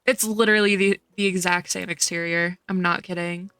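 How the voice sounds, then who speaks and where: A woman's voice: on the low side, fairly even intonation, a little fast, pushed and bright, clear, resonant tone, no room sound. A young woman streaming a cozy game, chatting casually, reading chat aloud and gushing over cute characters. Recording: dry close sound with faint game music.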